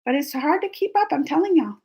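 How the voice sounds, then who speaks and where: A woman in her forties hosting a casual livestream, chatting with viewers in a rambling, animated way and laughing often. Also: high-pitched, fast talker. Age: 40s. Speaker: livestream host reading chat. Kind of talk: casual live chat.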